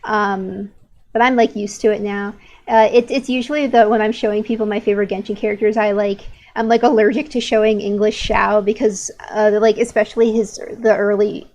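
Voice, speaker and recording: A woman's voice: mid-range voice, steady tone, normal speed, a little mellow. A young woman in her late teens chatting casually while drawing on an art stream, rambling and opinionated, with lots of "like" fillers and restarts.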